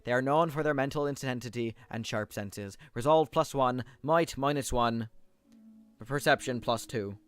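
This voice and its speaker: A man voicing a small, hairy orlan in a nasal, high-pitched put-on Irish lilt while reading game lore aloud. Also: normal speed, clear, resonant tone, lightly acted.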